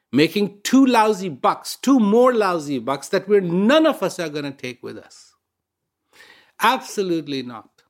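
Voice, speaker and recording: Earnest man giving a reflective talk. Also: fairly high pitch. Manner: earnest, emphatic repetition, rhetorical questions. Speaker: speaker, show host.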